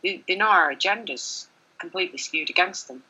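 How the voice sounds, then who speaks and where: A middle-aged woman journalist speaking candidly in an interview, animated, with many fillers and restarts. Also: lowish voice, brisk, breathy edge, highs cut off. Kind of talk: conversational interview.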